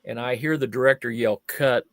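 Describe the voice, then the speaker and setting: An older man, appearing as a guest magician and fire eater on a chat show, tells anecdotes in a mid-range voice at a moderate pace. He's a lively storyteller who acts out the voices of the people he quotes. The recording has no echo.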